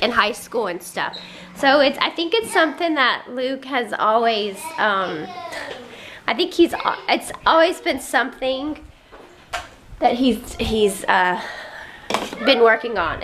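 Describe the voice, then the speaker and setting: A busy mom in her thirties, a family vlogger, chats casually to the camera at home about her day, rambling and fed up with her squabbling kids. Her voice is high, with slight background noise and children squealing and yelling nearby.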